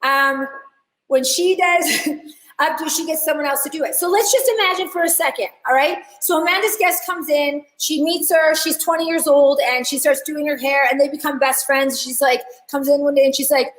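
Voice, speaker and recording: A woman teaching a live online hair class, chatty and animated, talking straight to her viewers. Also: high-pitched, normal speed, roomy sound, low-quality recording. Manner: chatty, animated storyteller addressing chat. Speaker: hair educator.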